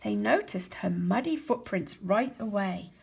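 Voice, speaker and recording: A woman teacher reading a children's storybook aloud, expressive and slowing down for emphasis. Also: mid-range voice, gravelly, husky.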